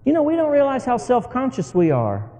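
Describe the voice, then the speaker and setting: Lively folksy preacher man. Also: very high voice, brisk, long reverb tail, low-quality recording. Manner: folksy, animated, laughs while telling his story. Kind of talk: sermon storytelling.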